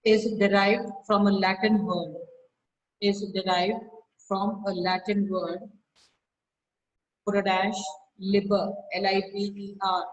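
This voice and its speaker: A woman teacher dictates notes very slowly to an online class. She repeats each phrase and reads out every comma and full stop. Her pitch sits mid-range, and she is heard through a video call. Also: fairly even intonation, muffled recording. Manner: scolds students sharply by name.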